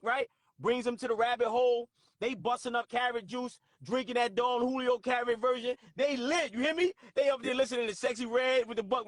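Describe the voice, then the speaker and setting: A man hosting a call-in stream who talks in a forceful, profane, sermon-like way. His voice sits very high for a man, and the sound is dry with no room echo. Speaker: host. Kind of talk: live stream talk with callers.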